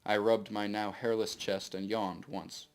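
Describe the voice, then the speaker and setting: A man reading his own novel aloud to a live audience in steady first-person narration. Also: on the low side, measured pace.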